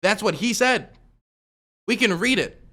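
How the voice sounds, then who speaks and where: Streaming his reaction to a video, a man argues point by point, piling up repeated objections in loose talk full of fillers and restarts. His voice sits high, bright and forceful, expressive but unhurried, as he delivers this rebuttal-style commentary.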